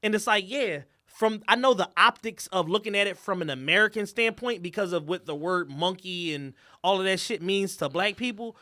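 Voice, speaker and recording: A man's voice: sits high, normal speed, hardly any pauses, bright, forceful tone, no room sound, studio quality. A man co-hosting a podcast, making emphatic arguments in casual, profane slang. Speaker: podcast co-host. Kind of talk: casual chat.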